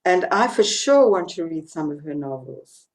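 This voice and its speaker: A South African author, a woman, telling stories as an interview guest and acting out the quotes in lively fashion. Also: sits low, moderate pace. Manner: animated storyteller acting out quotes. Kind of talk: storytelling interview.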